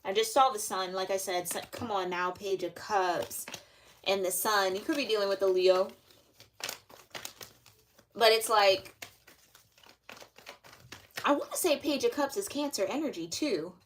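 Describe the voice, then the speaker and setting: There's slight background noise as a young woman reads tarot at a measured pace, pausing often. Her medium-pitched delivery is casual and rambling, conversational and thick with fillers.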